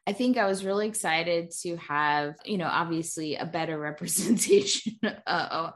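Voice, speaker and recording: A woman co-hosting a casual film discussion, thoughtful and quick to laugh. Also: lowish voice. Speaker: podcast co-host.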